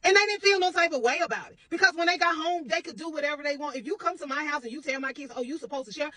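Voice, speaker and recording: Frank woman rambling through a storytime, bright raspy voice, dry close sound. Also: high-pitched, quick pace, dry recording. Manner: blunt and frank, with profanity; rambling with restarts. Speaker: parent telling a personal story. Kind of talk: casual storytime monologue.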